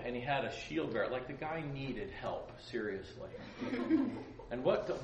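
A mid-range male voice, captured with dull audio, teaches a laid-back Bible lesson to young people, full of joking asides and questions for the group. The setting is a roomy, gym-like hall, picked up by a distant mic with faint noise.

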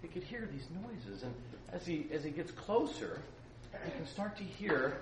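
Animated preacher man in a roomy space. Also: fairly high pitch, moderate pace. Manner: animated, acts out voices in his stories. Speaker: pastor leading a Bible study. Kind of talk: storytelling sermon. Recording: roomy, distant mic with faint ambience.

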